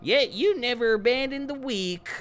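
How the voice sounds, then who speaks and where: A man's voice: very high voice, moderate pace, a bit bright, pitched above the performer's own voice. A man voicing an ancient female spirit who recites solemn, adoring praise.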